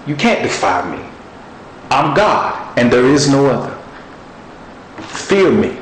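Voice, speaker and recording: A man preaching voices God as a stern, commanding figure who delivers a slow, emphatic rebuke. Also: medium pitch, big pitch swings, a little hiss or hum. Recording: roomy echo.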